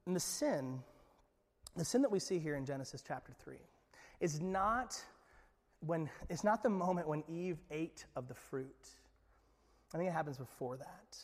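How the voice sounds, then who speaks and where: High-voiced emphatic male preacher. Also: lively intonation, unhurried, big-room sound. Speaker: pastor. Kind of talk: sermon.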